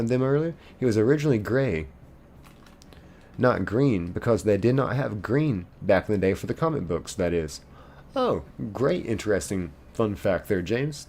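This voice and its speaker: A man's voice: medium pitch, a little mellow. A man live streaming a game, reading viewers' chat messages aloud and answering them playfully. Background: faint game music.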